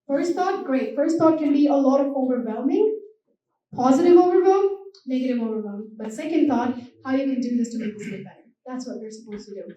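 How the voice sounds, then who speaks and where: A woman's voice: sits high, fairly quick, highs cut off. A young woman from India with an American accent, giving an emphatic motivational speech to students. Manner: animated, emphatic and repetitive, switches accents on demand. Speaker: guest motivational speaker. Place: university hall. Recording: echoey hall from far off.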